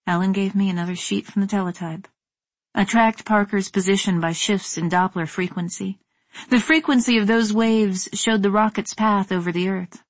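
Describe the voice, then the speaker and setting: A woman's voice: mid-range voice, normal speed, no room sound. Woman narrating a story, dry close sound. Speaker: audiobook narrator. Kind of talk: scripted first-person narration.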